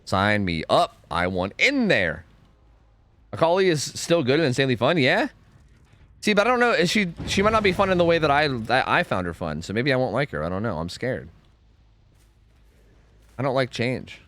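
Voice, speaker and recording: A man's voice: mid-range voice, big pitch swings, moderate pace, long pauses, fairly bright tone. A young man streaming a game, chatting casually and rambling through answers to chat, often stumbling and repeating words.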